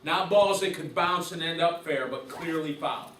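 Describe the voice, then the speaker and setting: A man's voice: fairly high pitch, moderate pace, fairly bright tone. A man teaching a class of umpires in a conversational lecture, asking questions and repeating key points. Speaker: umpire instructor. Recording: roomy, distant mic, faint hiss.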